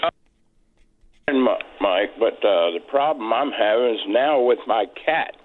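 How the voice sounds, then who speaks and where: A man's voice: mid-range voice, animated, a little slow, slight background noise. Rambling male caller on a tinny phone line. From Maryland. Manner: rambling, hesitant, full of fillers. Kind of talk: phone-in call to a talk show.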